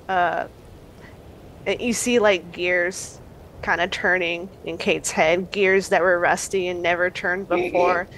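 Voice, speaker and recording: Slow, musing woman player, faint low hum in the background. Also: steady tone, fairly bright tone, low-quality recording. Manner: slow, musing, laughs often. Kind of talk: casual tabletop play.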